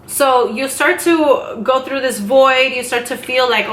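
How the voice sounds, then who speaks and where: A woman vlogger talking casually and rambling to her camera, with quick asides. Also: sits high, a bit bright, slight background noise. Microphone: camera mic. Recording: echoey room.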